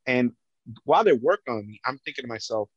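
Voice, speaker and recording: Earnest man, halting testimony. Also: mid-range voice, expressive, no room sound. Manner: halting, earnest, many restarts. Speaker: police officer recounting a rescue. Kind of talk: personal testimony. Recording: dull lo-fi dry sound.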